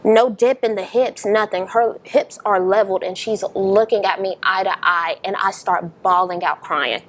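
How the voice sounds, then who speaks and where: A young woman, a podcast guest, telling her story in a casual interview, animated and emphatic, laughing often. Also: medium pitch, moderate pace.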